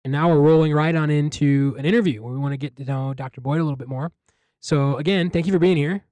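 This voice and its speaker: A man opens a podcast interview in an upbeat, quick manner. His voice sits a little high and talks fast. The sound is dry and close. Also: mellow, no room sound. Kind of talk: lively interview intro.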